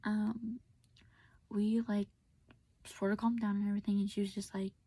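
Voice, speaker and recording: A woman's voice: medium pitch, flat delivery, normal speed, warm tone, husky, no echo. A young woman telling a personal story in a rambling, casual way with lots of filler words, often half-whispered, recorded on a phone. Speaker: vlogger.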